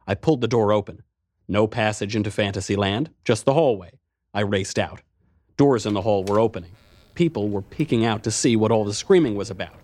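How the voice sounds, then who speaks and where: A man's voice: fairly low pitch, brisk, a little mellow, no room sound, clean studio sound. A man narrating a first-person adventure story in a tense, driving way.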